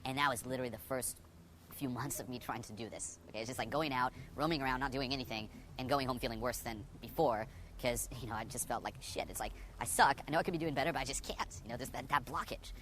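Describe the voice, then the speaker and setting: Young male dating coach, rapid-fire, profane and candid, with a faint hum of room sound behind him. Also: medium pitch, a bit bright. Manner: profane, heavy on "you know" fillers. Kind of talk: candid personal story told to camera.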